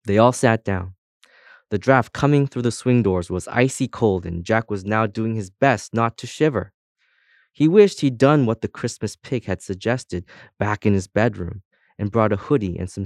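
Low-voiced man narrating a storybook. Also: normal speed, no room sound, studio quality. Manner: steady storytelling read. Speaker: audiobook narrator. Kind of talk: scripted narration.

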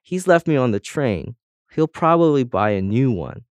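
A quiet, sad old umbrella sighs over being left behind, as a man reading a storybook puts it on. Resigned and gloomy, it expects the worst. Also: medium pitch, lively intonation, moderate pace, no room sound, voice pushed up, lightly acted.

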